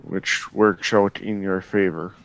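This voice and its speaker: A man narrating as game master of a tabletop game, unhurried and halting with fillers as he describes the action. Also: deep voice, steady tone, low-quality recording.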